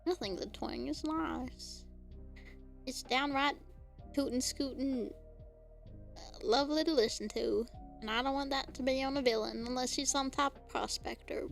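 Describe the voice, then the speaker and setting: A woman's voice: sits high, normal speed, gravelly, long pauses, soft background music. A young Australian woman streamer chatting casually, giggling often and breaking into squealing laughter. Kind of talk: casual live-stream chat.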